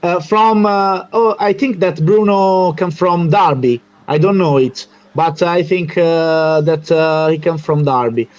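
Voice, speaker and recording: A man with an Italian accent, a native Italian speaker, hosting a live fan club interview in halting English with many fillers. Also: fairly high pitch, dull audio. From Italy.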